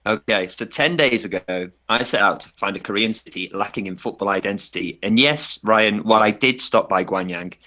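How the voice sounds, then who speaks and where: A man on a podcast giving a playful, tongue-in-cheek pitch and laughing often. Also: a little fast, hardly any pauses, bright, forceful tone. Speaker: podcast panelist. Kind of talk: mock campaign pitch.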